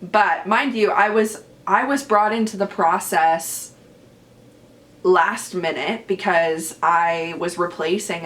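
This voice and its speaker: A woman with a Canadian accent, a podcast host and stage actress, talking casually and animatedly on her own, self-deprecating and full of fillers. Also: on the low side. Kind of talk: casual solo chat.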